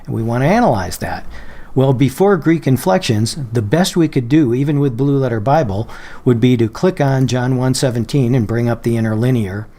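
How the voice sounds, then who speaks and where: In a screen-recorded walkthrough, a man presenting Bible software calmly explains one of its features. His voice sits in the mid range, and he's patient and explanatory, slowing down whenever he reaches quoted phrases and examples.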